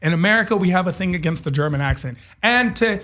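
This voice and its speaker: Lively, bright-voiced male radio host. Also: high-pitched, fast talker. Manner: playful, teasing, laughs often. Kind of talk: joking casual radio chat.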